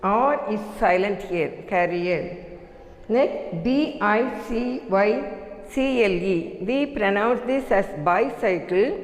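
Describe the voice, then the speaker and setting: A woman teaching English pronunciation in a classroom lesson, slow and deliberate, spelling words out letter by letter. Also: medium pitch. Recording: echoey room with long reverb.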